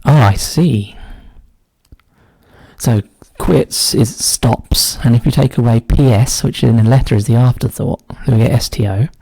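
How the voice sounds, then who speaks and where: A man solving a cryptic crossword, thinking aloud in a casual way and often dropping to a quiet mutter. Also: mid-range voice, measured pace, vocal fry, slightly rough, no room sound. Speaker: crossword solver. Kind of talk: casual solo puzzle-solving commentary.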